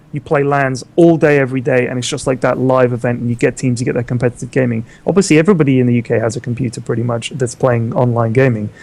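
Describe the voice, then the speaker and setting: A man with a British accent in casual panel chat, thinking aloud with rhetorical questions and some swearing. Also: mid-range voice. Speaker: community event host.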